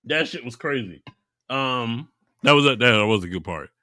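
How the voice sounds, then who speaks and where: A man at a medium pitch and moderate pace tells a story on a casual podcast he co-hosts, laughing often and animatedly acting out voices. The recording is dry.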